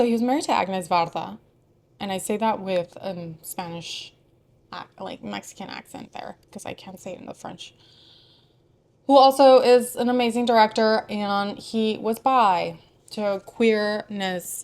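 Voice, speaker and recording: A young woman from Houston chatting casually about films, digressive and full of asides. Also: mid-range voice. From Houston, Texas. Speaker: film vlogger.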